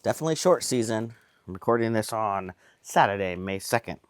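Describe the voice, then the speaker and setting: Male vlogger, American, lowish pitch, chatty and rambling, dry close sound. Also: lively intonation, a little fast, no echo. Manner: chatty, rambling, self-amused. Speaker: reseller showing a haul. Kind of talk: casual vlog talk. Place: home indoors.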